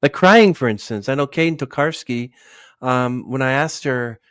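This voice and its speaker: A man's voice: mid-range voice, expressive, measured pace, a bit bright, smooth. A man hosting a casual interview, rambling and hesitant, often trailing off mid-sentence. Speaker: podcast host.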